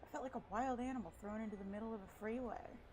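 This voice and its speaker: A woman's voice: on the high side, quick pace, a little mellow, a little hiss or hum, low-quality recording. A woman reading a visual novel aloud, dropping breezy, swearing jokes between the lines. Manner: breezy, swears casually in jokey side comments. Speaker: let's play gamer.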